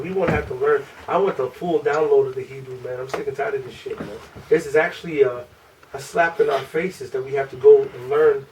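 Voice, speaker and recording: A man leads an informal class in a loose, rambling way, often restarting his sentences. His voice sits at an ordinary middle pitch. He is recorded from across a classroom, so he sounds distant with faint room noise behind him. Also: gravelly, darkish tone. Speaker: class teacher.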